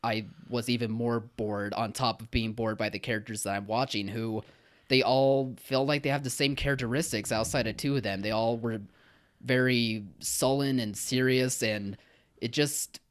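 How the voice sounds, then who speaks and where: A man's voice: medium pitch, fairly even intonation, normal speed. A man co-hosting a podcast, giving a film review in casual chat, earnest and hesitant with frequent restarts.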